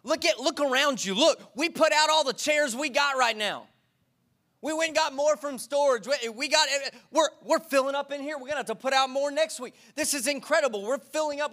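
High-voiced energetic preacher man. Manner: energetic, repetitive preaching with call-and-response. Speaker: pastor. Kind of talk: sermon. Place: church sanctuary.

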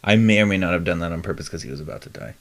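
A man co-hosting a podcast in casual, rambling chat, laughing often and filling pauses with "um". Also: low-pitched. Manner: animated, laughing, rambling with fillers. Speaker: podcast co-host.

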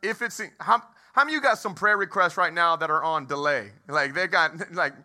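A man's voice: fairly high pitch, fairly quick, pushed and bright. A man in his thirties, a pastor, preaching and telling a funny story, asking the crowd questions. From Texas. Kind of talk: sermon with humorous story. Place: movie theater used as a church.

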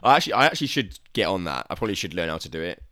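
A young man chats as a podcast host, teasing his guest and laughing easily. His voice sits low but moves up and down a great deal. The sound is close and dry. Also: very animated, racing, sharp tone, dry recording. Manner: chatty, teasing, laughs often. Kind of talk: casual podcast chat.

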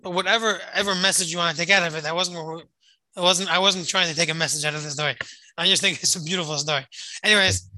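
Very bright-voiced dramatic storyteller, dry sound. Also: medium pitch, fairly even intonation, fast talker, no echo, poor audio. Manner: dramatic, repeats phrases for emphasis, rises and hushes. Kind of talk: emotional retold story.

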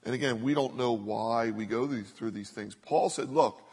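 Earnest pastor preaching in an echoing hall. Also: male voice, medium pitch, breathy edge. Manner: earnest preaching that drops to soft slow repetitions for emphasis. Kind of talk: sermon. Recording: long reverb of a large hall.

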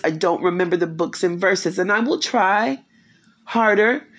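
Woman in her fifties, spiritual talk, emphatic, repeats herself, rhetorical questions, quiet home. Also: medium pitch. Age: 50s. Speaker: faith speaker.

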